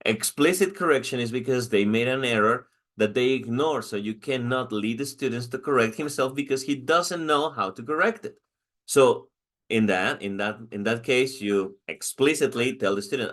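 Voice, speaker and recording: In a recorded lecture, a male teacher with a Mexican accent, whose first language is Spanish, explains a lesson. His voice is medium-pitched and a bit bright at a moderate pace, and he often restarts sentences and checks in with "okay?"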